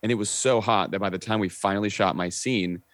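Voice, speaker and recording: A low-voiced young man chatting as a podcast guest, animated and quick to act out what people said. He fills his stories with "like" and casual swearing. The sound is dry and close. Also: no room sound. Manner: animated storyteller, acting out quotes, frequent "like" and swearing. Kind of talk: casual chat, storytelling.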